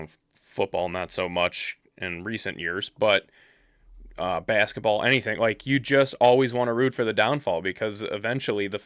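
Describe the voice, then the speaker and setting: A young man with a lowish, smooth, resonant voice chats about sports on a podcast. He talks bluntly and swears freely, getting animated as he retells what he saw. The sound is dry and close. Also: no echo. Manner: blunt, profane, animated storyteller. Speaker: podcast co-host. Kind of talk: casual sports chat.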